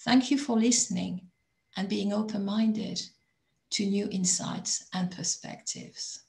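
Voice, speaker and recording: A woman from abroad telling a personal story in a calm, measured, reflective way on a video call. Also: medium pitch, creaky, roomy sound. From not from England. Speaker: chat panelist.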